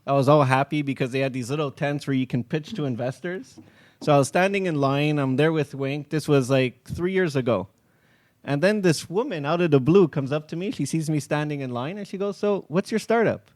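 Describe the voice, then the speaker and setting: A man's voice: fairly high pitch, brisk. A man, an app founder, telling stories in a casual podcast chat and acting out quoted dialogue. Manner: animated, acts out quoted dialogue.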